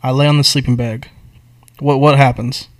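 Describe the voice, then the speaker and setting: Here a young male podcast co-host, medium-pitched and at a moderate pace, recounts a movie's storyline in relaxed chat. His telling is animated and full of profanity and slang.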